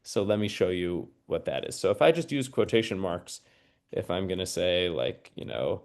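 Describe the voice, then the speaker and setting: A man's voice: low voice, lively intonation, normal speed. A man teaching a screen-share lesson, explaining each step patiently and checking in with listeners. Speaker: mathematics teacher trainer.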